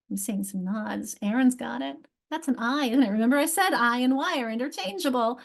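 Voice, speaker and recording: A woman with a higher, sing-song, darkish voice talks quickly as she presents teacher training on reading and spelling. Her step-by-step explanation is full of restarts and questions aimed at her audience.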